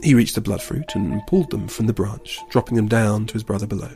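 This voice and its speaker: A man reading a story aloud in a calm, steady storybook narration. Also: fairly low pitch, a little fast, soft background music.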